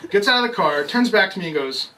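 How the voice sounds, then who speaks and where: A young man doing a stand-up comedy set at a bar, telling an animated story and laughing at his own jokes. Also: high-pitched, fast. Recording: distant mic with loud noise and crowd.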